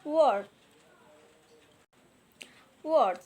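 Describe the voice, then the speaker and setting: Slow, high-voiced hesitant young woman. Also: low-quality recording. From Indonesia. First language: Indonesian. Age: young adult. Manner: hesitant, many fillers, repeats words slowly. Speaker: student. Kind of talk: reading a class presentation on word stress.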